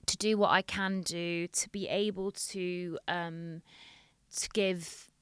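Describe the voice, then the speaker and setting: A woman who works as a dentist, talking frankly in casual podcast chat and getting animated when she tells stories. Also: lowish voice, takes it slowly, clear, resonant tone, dry recording.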